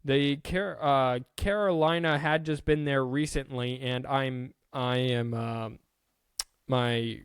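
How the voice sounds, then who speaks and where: A man's voice: mid-range voice, fairly even intonation, takes it slowly, clear, resonant tone, no echo. A man hosting a casual solo sports podcast, chatty and self-deprecating, stumbling now and then over names.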